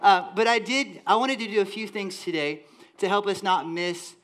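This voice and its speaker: A man from the Southern United States preaching a lively, joking sermon as a church worship leader. He talks directly to the congregation. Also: high-pitched, moderate pace, a little hiss or hum. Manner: enthusiastic, playful, talks to the congregation. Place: church sanctuary.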